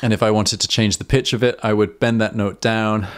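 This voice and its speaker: A man's voice: fairly low pitch, fairly even intonation, fairly quick, loud music behind the voice. Chatty man teaching harmonica live. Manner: chatty and self-correcting, with many ums and uhs. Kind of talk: casual live-stream teaching.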